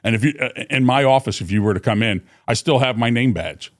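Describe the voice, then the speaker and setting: Talking fast at a medium pitch, a fifty-something company VP shares stories in a relaxed podcast interview. He wanders, fills gaps, and restarts often, becoming animated when quoting.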